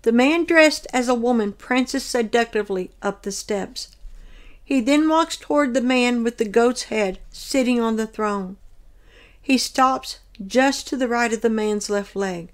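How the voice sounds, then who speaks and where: Woman reading her dream testimony aloud, earnest and steady, bit high voice. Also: measured pace. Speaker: dream narrator.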